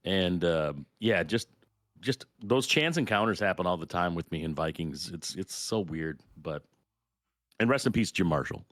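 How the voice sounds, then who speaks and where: A middle-aged man co-hosting a podcast, telling lively, profane stories in casual chat. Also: low-pitched, moderate pace, no echo, clean studio sound. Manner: storytelling, animated, swearing freely. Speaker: podcast co-host.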